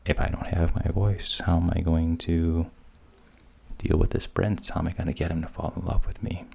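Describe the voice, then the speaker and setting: An earnest, uncertain young mermaid, as a man voices her in a whispered role-play. The voice is breathy and deep, with a gravelly edge. It stays hushed and close. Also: flat delivery, normal speed, full character voice. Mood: pleading.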